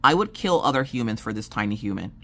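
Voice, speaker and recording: A woman's voice: very deep voice, fast talker. A woman in her thirties, casually telling a family story and acting out her family's lines in a jokey way. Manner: animated, jokey, acts out family members' lines. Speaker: vlogger telling family stories.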